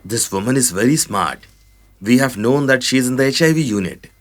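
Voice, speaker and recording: A man's voice: mid-range voice, lively intonation, fairly quick, close to an everyday voice. A man voicing a brusque, short-tempered company boss in a dubbed film, giving orders. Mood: scheming. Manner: bossy, curt.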